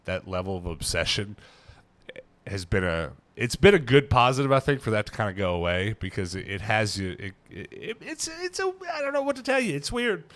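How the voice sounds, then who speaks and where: A man's voice: lowish voice, a bit bright. A man in his thirties hosting a casual chat, rambling and self-mocking as he tells stories. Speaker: channel host.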